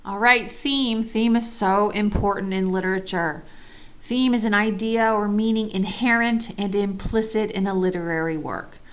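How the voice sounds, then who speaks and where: A woman's voice: mid-range voice, normal speed, clean tone. A woman teaching a lecture in an easy, conversational way. She stresses key points, asks the class rhetorical questions, and keeps checking in with "okay" and "all right".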